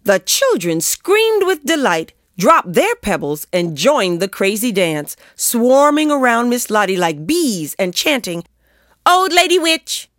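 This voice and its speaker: A woman reading a first-person story aloud with a lively, expressive delivery. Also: mid-range voice, dry recording, studio quality. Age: adult. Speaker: narrator.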